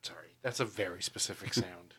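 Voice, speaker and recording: A man's voice: low-pitched, fairly bright tone, a little hiss or hum. A man co-hosting a podcast, cutting in with joking asides in casual chat. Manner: joking interjections, quick asides. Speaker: podcast co-host.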